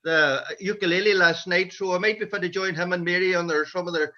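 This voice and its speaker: A man's voice: high-pitched, fairly even intonation, fairly quick, sharp tone. A man with a Donegal Irish accent telling rambling stories about his men's shed over a video call. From Ireland. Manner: rambling anecdotal storytelling. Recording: dull lo-fi video call audio.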